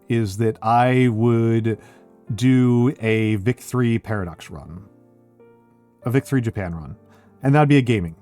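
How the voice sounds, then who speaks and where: A young man streaming, chatting casually with his viewers and thinking out loud, his voice scratchy because he is under the weather. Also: medium pitch. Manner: rambling, thinking out loud with fillers.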